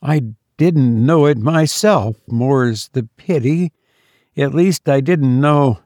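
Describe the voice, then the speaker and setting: A man's voice: medium pitch, slow, a little mellow, no echo, studio quality, close to an everyday voice. A man reading a story voices a startled young man who exclaims and questions in a raised voice. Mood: rueful. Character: startled young man, eager, then stunned.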